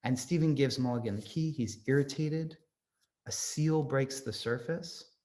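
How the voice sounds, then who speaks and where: A man's voice: mid-range voice, a little slow, a little mellow. A man giving an informal literature lecture, talking off the cuff in a conversational way with frequent ums.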